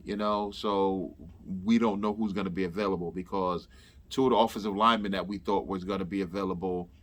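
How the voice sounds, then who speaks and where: A man's voice: deep voice, steady tone, brisk. A man hosting a sports fan show, talking casually and rambling with lots of fillers and restarts. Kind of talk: casual chat.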